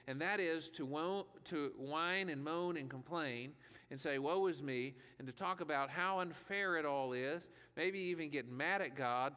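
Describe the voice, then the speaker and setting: Male pastor, slightly high and bright, chatty sermon with "right?" asides, reverberant church hall. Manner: conversational preaching with rhetorical questions.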